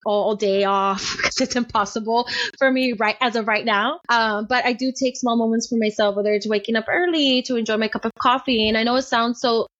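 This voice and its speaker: Young woman guest rambling openly in a podcast, kinda high voice, dull lo-fi sound. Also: steady tone, a little fast, fairly bright tone. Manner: open and chatty, many fillers and restarts. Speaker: podcast guest, business owner. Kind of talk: candid interview storytelling.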